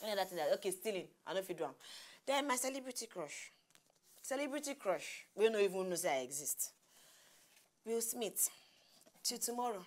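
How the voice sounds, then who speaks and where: A Nigerian woman co-hosting a TV talk show, speaking Pidgin in a halting, playful way with frequent laughs. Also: mid-range voice, animated. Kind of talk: casual chat in Nigerian Pidgin.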